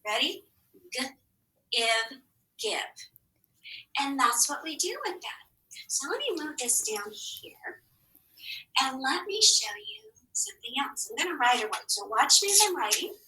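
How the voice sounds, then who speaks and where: A woman's voice: sits high, big pitch swings, moderate pace, sharp tone. A woman teacher leading a phonics lesson for young children, encouraging and stretching out sounds, often dropping into whispered asides. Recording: echoey room, mic at a distance.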